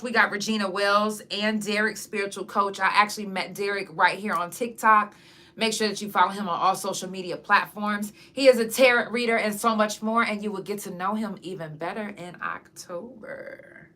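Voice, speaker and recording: A woman who hosts a podcast and sings talks straight to her audience in a casual chat to camera, frank and swearing freely. Her voice sits at medium pitch, pushed and bright.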